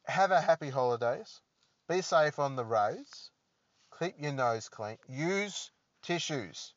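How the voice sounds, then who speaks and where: A man's voice: fairly high pitch, expressive, slow. A man hosting a solo podcast, rambling and joking in a self-deprecating way. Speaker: podcast host. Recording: dull lo-fi dry recording.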